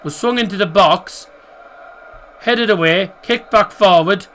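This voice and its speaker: A man's voice: high-pitched, unhurried, pushed and bright, a little hiss or hum. A man hosting a live football watchalong stream, chatting casually and rambling to his viewers as he comments on the match.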